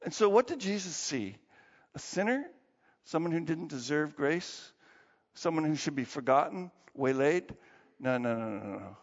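In a dull-sounding recording with long reverb from the hall, a man preaches, telling stories animatedly before finishing in hushed prayer. His pitch is fairly high and his pace moderate.

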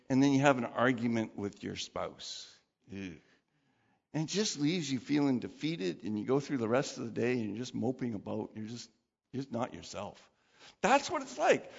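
A man preaching a sermon as pastor, conversational and animated, acting out quoted voices. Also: on the high side. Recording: dull sound with long hall reverb.

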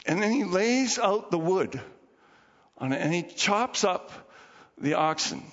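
A man preaching a sermon as pastor, telling the story in an animated way and acting out the people in it. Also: sits high, measured pace. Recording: dull lo-fi recording with long hall reverb.

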